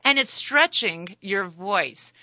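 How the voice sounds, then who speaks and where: A woman's voice: medium pitch, lively intonation, slow pace, bright, forceful tone, dry recording, muffled recording. A woman hosting a radio interview, chatting in an easygoing way about using the voice and laughing easily. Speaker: radio host.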